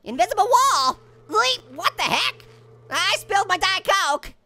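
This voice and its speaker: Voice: very high voice, very animated, measured pace, bright, forceful tone, full character voice. A performer voicing a hyper, cheeky male talking orange who giggles, makes puns and chatters nonstop while playing a game. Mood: playful. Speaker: game player. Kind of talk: cartoon character let's-play commentary.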